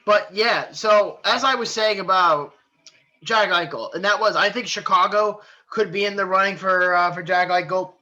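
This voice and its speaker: A man co-hosting a casual sports podcast, chatty and quick to swear when riled. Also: high voice, bright, forceful tone, dull audio. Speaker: podcast co-host.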